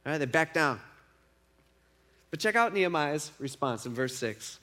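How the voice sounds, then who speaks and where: A male pastor with a high voice preaches a sermon in a loose, conversational way. He is emphatic and repeats points for weight, often checking in with his listeners. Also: expressive, moderate pace, pushed and bright.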